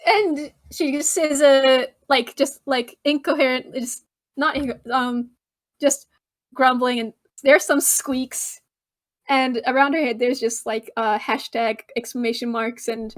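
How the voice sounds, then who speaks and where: A woman's voice: high-pitched, fairly even intonation, unhurried. A woman playing in a casual tabletop role-play, giggly and hesitant, with many fillers.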